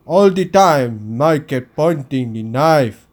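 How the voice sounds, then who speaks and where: A man hosting a podcast, reading a first-person audiobook aloud in a steady storytelling delivery. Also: on the high side, slow.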